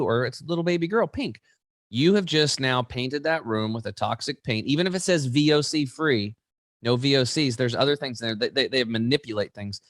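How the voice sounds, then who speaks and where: An interview guest explains things with real energy, telling his stories animatedly, acting out the voices of people he quotes, and frequently restarting his sentences. His voice is medium in pitch. The sound is clean and studio-made, with no room echo at all.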